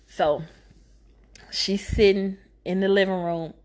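A woman casually recapping a movie plot, cursing freely and breaking into loud, high-pitched outbursts of disbelief. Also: normal speed. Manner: animated, profane, jumps into high exclaiming outbursts.

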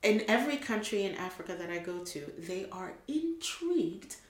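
A woman's voice: mid-range voice, very animated, normal speed, echoey room. An American woman with an American accent, a podcast guest chatting casually, with many ums and frequent laughter. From United States. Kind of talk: casual conversation.

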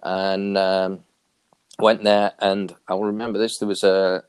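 A man with a fairly low voice tells a personal story in a casual interview, swinging up high whenever he acts out what others said. The recording is dry and close, with no room sound. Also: a little slow, clean tone, no echo. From New York area. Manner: animated, acts out quoted dialogue with big pitch jumps. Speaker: interview guest.

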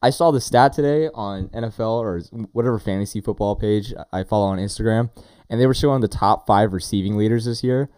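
A man co-hosting a fantasy football podcast in casual, animated chat with friendly slang. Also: on the low side, a little fast, smooth, dry recording, clean studio sound.

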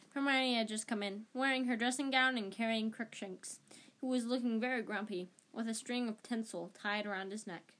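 A woman's voice: a little high, moderate pace, fairly bright tone. Woman reading a story with small slips. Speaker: audiobook reader. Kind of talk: amateur audiobook narration.

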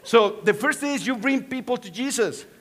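A man from Mexico with a Mexican Spanish accent, a pastor preaching a sermon in an animated way, swinging from hushed to excited with joking asides. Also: very high voice, normal speed.

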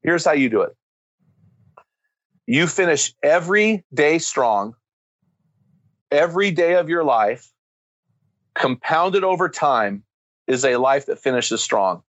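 A man with a fairly high voice speaks like a preacher, driving his points home with emphatic, rising intensity. The sound is dry and close, with no room around it. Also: animated, slow, long pauses, fairly bright tone, dry recording, poor audio. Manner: emphatic, builds to fervent climaxes. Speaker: guest speaker on men's ministry. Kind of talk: impassioned preaching-style storytelling.

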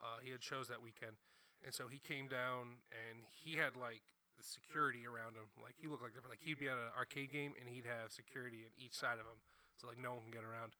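A man's voice: mid-range voice, fairly even intonation, quick pace, pushed and bright. A young man from New Jersey, a comedian guest telling a story in a laid-back, swearing, casual way. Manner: laid-back, swearing, laughs often while telling stories.

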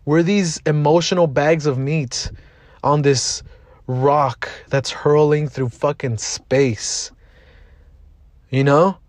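A man's voice: fairly high pitch, fairly even intonation, slow, no room sound, studio quality. Blunt, profane young man. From Southeast Los Angeles. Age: 20s. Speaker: podcast host. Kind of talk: casual motivational monologue.

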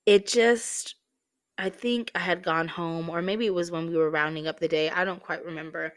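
A woman's voice: fairly low pitch, fairly even intonation, normal speed. A woman hosting a podcast, telling a personal faith story in a heartfelt way, close to tears at times. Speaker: podcast host.

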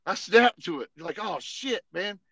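Podcast host, male veteran. Animated, profane storyteller with a slightly high, very bright voice and a dry, close sound. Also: measured pace, creaky, no echo. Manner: profane, animated, repeats "you know what I mean". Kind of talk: casual storytelling chat.

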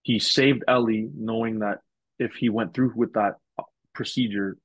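A man's voice: on the low side, steady tone, measured pace, breathy edge, no room sound, low-quality recording. A man as a podcast guest on a video call, talking earnestly and thoughtfully in a casual, somewhat rambling way. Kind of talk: casual chat.

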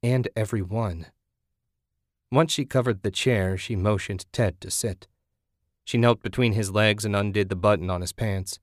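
A man narrating an audiobook in a steady, measured way. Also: fairly low pitch, dry recording, clean studio sound.

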